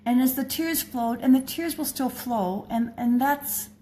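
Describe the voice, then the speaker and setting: Mellow-voiced older woman reflecting gently. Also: sits high, measured pace. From American Midwest. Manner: gentle, earnest, with frequent restarts. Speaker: blogger and speaker. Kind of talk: personal reflective talk.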